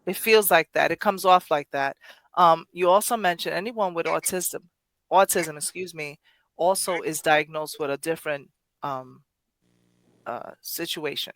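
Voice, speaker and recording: Podcast host, enthusiastic, crisp voice, bright tone, dry close sound. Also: mid-range voice, a little slow, dry recording, low-quality recording. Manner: enthusiastic, interjecting with exclamations. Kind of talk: casual podcast hosting.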